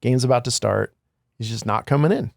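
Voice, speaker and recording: A middle-aged man from California co-hosts a podcast, his mid-pitched voice gravelly with vocal fry. He talks reflectively and rambles, trailing off mid-thought. The sound is dry and close. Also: fairly quick, a little mellow, no room sound. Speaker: podcast co-host. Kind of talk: casual conversation.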